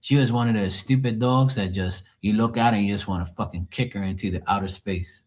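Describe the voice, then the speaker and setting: A man's voice: lowish voice, brisk. A man hosting a live tarot stream, chatting casually in a rambling, profane, joking way.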